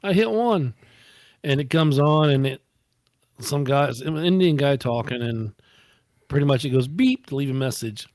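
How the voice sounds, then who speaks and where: A man casually telling prank phone stories on a podcast, often jumping into a high voice for his quotes. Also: moderate pace, darkish tone, no room sound, studio quality. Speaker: podcast co-host. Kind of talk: casual storytelling.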